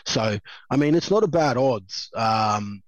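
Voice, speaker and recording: A man's voice: mid-range voice, expressive, takes it slowly, no echo. Rambling Australian man, dry dull recording. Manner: rambling, laughs a lot, many fillers and restarts. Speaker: guest, former rugby league player. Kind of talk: casual storytelling chat.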